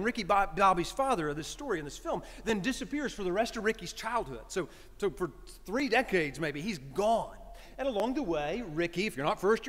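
Male priest, high, highly animated delivery, conversational sermon, church reverb. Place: church sanctuary.

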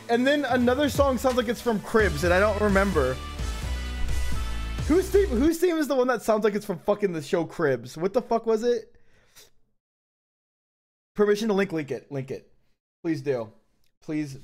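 A man chatting casually on a livestream, excitable and profane, laughing often. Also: sits high, a little slow, long pauses, soft background music. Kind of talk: casual stream chat.

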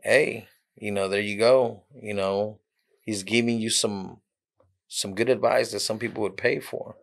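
A man hosts a podcast with a low, gravelly voice. He chats casually and warmly with his guest, keeping it friendly and often tossing in short affirmations. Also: fairly even intonation, unhurried. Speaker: podcast host. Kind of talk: casual interview chat.

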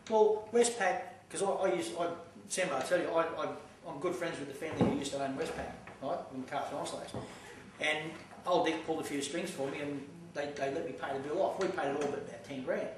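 A man's voice: on the high side, brisk. An Australian man giving a blunt, profane lecture to a live audience, telling stories from his own life. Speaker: seminar speaker. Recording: echoey hall from far off, faint noise.

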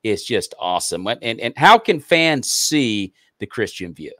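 A man's voice: mid-range voice, big pitch swings, unhurried, sharp tone, no room sound, studio quality. Upbeat man hosting a talk show. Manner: upbeat, repeats words and restarts. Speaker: host. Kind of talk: online talk show chat.

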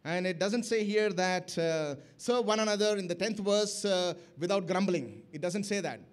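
High-voiced preacher, emphatic. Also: male voice, normal speed. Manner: emphatic, with rising and falling bursts of loudness; asks the congregation questions. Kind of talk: sermon. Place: church camp gathering.

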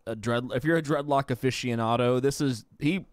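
A man's voice: mid-range voice, a little fast, no echo, clean studio sound. A man co-hosting a podcast, chatting casually with profane jokes and lots of laughter. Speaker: podcast co-host. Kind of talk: casual chat.

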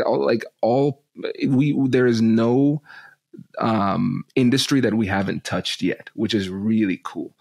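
A man who is a negotiation expert, explaining ideas as a podcast guest in an animated, teacher-like way. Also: on the low side, creaky.

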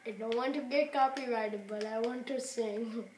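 A woman's voice: on the high side, moderate pace, darkish tone. Giggly young woman narrating gameplay, echoey. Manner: rambling, giggly, self-mocking. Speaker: gamer. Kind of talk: casual gameplay commentary. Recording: echoey room with clear background noise.

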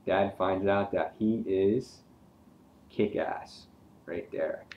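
A man's voice: deep voice, takes it slowly, narrow, tinny audio, a little hiss or hum. A man giving a casual, hesitant comic book review, talking through pages with many ums and uhs.

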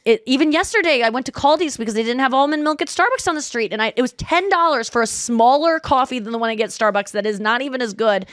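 Podcast host lady in her 30s, high-ish voice, tells stories fast and loose, does little voices for people, dry close mic. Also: no room sound. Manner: animated storytelling, acts out quoted voices. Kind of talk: casual chat.

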